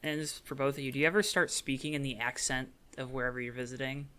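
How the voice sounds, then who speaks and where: A man hosting a podcast in casual chat, steering the conversation and laughing quickly. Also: mid-range voice, steady tone, bright, forceful tone, clean tone.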